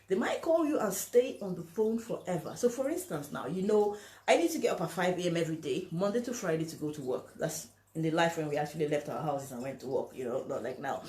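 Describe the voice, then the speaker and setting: A woman's voice: mid-range voice, darkish tone. Woman giving relationship advice, emphatic, acts out what people say, echoey room. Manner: emphatic, acts out quoted lines, asks "you understand?". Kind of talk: talking to camera, giving advice.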